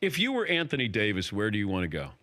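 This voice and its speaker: A male interviewer with a mid-range voice whose pitch jumps around a lot. He fires off quick, probing questions in a relaxed, chatty way and laughs easily. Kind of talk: casual interview.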